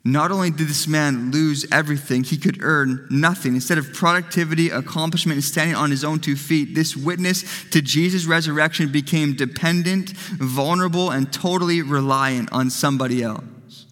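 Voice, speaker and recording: Bright-voiced pastor preaching in a hall. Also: male voice, fairly high pitch, moderate pace, few pauses. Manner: emphatic, repeats phrases for rhetorical effect. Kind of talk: sermon.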